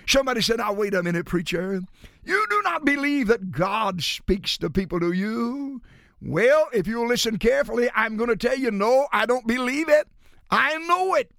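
A man preaching a sermon as a pastor, rising into shouts and then dropping low and slow. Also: expressive, gravelly, no room sound, clean studio sound.

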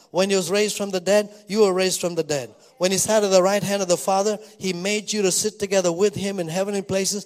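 A middle-aged man preaching in a church with a voice set slightly high. He tells stories and keeps breaking in with hallelujah and praise God. His words ring out with long reverb in a large hall. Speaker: pastor. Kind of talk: sermon.

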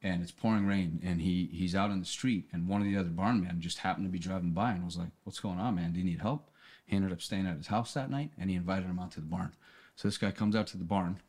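A man's voice: sits low, fast talker, a little mellow. A man on a podcast, talking casually and telling an earnest story, often restarting and repeating words. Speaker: podcast guest. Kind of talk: casual conversation.

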